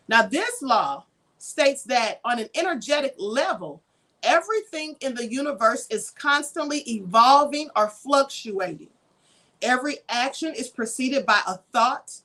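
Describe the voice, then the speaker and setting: Woman, high voice, from Kentucky, livestream host, preachy, rhetorical questions, chatty lecture. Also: pushed and bright. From Kentucky, US (raised). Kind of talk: live-stream teaching, reading chat comments.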